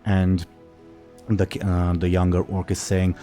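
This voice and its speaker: A man runs a tabletop game, explaining the rules and setting each scene. His voice sits low and sounds mellow and relaxed. Faint music plays behind him. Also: slow. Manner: explains rules and voices orcs in quoted lines. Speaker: game master.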